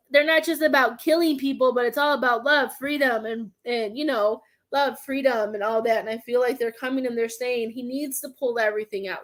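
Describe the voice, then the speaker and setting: Woman medium, young adult, slightly high voice; casual live reading, restarts a lot, close to tears. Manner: emotional, halting, repeats herself. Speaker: psychic medium giving a reading.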